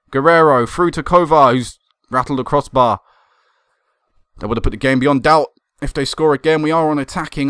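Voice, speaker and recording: Excitable young gaming commentator. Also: male voice, mid-range voice, dry recording, clean studio sound. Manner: excitable, swearing and laughing at goals. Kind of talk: casual game commentary.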